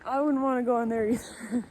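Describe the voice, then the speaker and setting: A woman's voice: fairly high pitch, fairly even intonation, a little fast, a little mellow, a little hiss or hum. A young woman vlogging outdoors in the snow, playful and chatty as she coaxes her dog, a little out of breath. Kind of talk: casual vlog playing with her dog.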